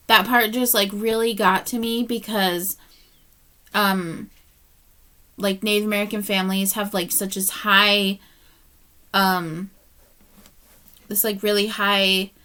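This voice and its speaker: A woman's voice: mid-range voice, steady tone, slow, long pauses, sharp tone. A woman reviewing books in a casual vlog, chatty and heartfelt, tired and yawning as she rambles. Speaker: book reviewer.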